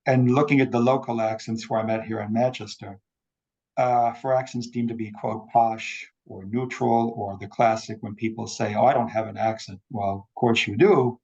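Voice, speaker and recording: A man's voice: fairly low pitch, fairly even intonation, normal speed, vocal fry, a little mellow, husky. A man giving an explanatory academic talk over a video call, repeating words to demonstrate sounds. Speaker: invited speaker on accents. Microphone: video call microphone. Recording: dull lo-fi video call audio.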